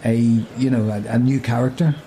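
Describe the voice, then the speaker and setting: A man's voice: mid-range voice, fairly even intonation, moderate pace, warm tone, slight background noise. Chatty man reading a story aloud. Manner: chatty, jokey. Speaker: story reader. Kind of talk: casual reading and chat.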